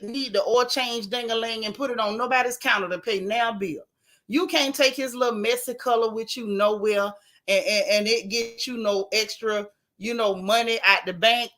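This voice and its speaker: A woman hosting a casual gossip show, telling stories to her live viewers in an animated, joking, folksy way. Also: a little high. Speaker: show host.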